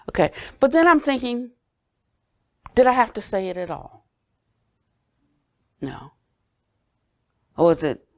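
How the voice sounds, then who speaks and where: An older woman teacher giving a dharma talk, earnest and gently questioning, often dropping to soft low tones. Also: vocal fry, dry recording, studio quality. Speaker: Buddhist teacher.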